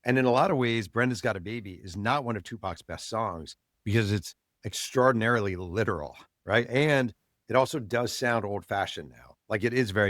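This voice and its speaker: Man, low voice, dry close sound, animated storyteller, author guest on an interview. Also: brisk, dry recording.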